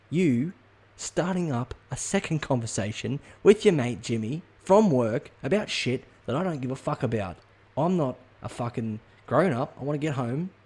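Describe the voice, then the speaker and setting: This podcast host has a mellow, mid-range voice. He rambles through a loose comedic rant on his own show, swearing and filling it with ums and false starts.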